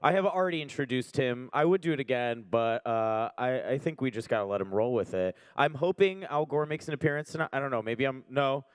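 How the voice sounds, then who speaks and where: Upbeat male emcee, smooth voice. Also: medium pitch, a little fast, few pauses, no room sound. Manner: upbeat, joking, urges crowd to cheer. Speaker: comedy show host. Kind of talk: emceeing between acts. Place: stage before a live audience.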